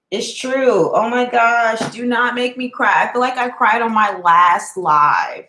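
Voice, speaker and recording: A woman's voice: fairly high pitch, takes it slowly, bright, forceful tone, roomy sound, poor audio. A woman chatting casually on a live stream, speaking heartfelt and straight to her viewers and answering their comments.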